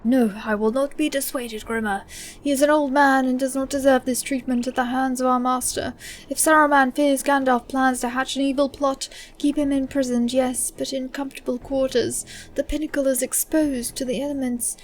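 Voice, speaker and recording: A woman's voice: high-pitched, fairly even intonation, normal speed. A woman voicing an earnest, kindly male steward in a game, pleading in formal speech.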